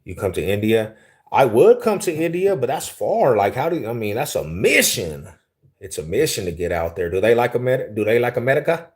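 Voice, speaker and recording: A young man from Denver on a casual livestream. His voice sits low, and he talks in a relaxed, slangy way as he reads out and answers viewer comments with easy amusement. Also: a little fast. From Denver, Colorado, US. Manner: laid-back, slangy, easily amused. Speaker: livestream host.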